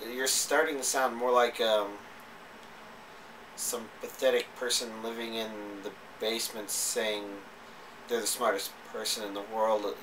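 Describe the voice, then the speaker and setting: A man's voice: fairly low pitch, flat delivery, unhurried, distant mic, background noise. A man giving a casual, rambling spoken review, with hesitant speech full of fillers and restarts. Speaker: anime reviewer.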